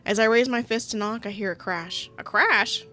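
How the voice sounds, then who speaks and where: A woman's voice: mid-range voice, brisk, a bit bright, soft background music. A woman streaming a visual novel, reading it aloud with playful, giggly commentary. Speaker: gaming streamer.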